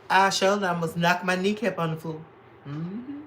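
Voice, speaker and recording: A man's voice: high-pitched, normal speed, slight background noise, low-quality recording. A man from Chicago chatting on a livestream while doing drag makeup, sassy and talking back to the comments. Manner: sassy, animated, talks back to chat. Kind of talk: casual livestream chat reading comments.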